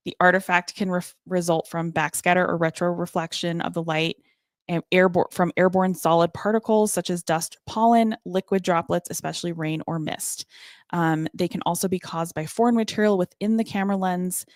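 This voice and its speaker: A woman with a fairly low voice reads through her research notes, stopping for ums and small restarts. She is a podcast co-host talking casually with friends. The sound is dry and close. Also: fairly even intonation, moderate pace, no echo. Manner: reads out research with fillers and hesitations. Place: home studio.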